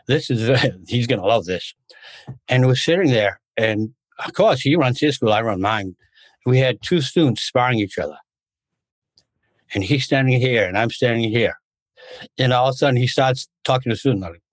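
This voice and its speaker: A man chatting as a guest in an interview, wandering off into stories and often breaking off to restart his thought. His voice sits at an ordinary middle pitch. The recording is close and dry, with no room sound. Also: moderate pace, no room sound. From United States. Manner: rambling storyteller, restarts often. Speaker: podcast guest, martial arts instructor. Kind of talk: casual interview conversation.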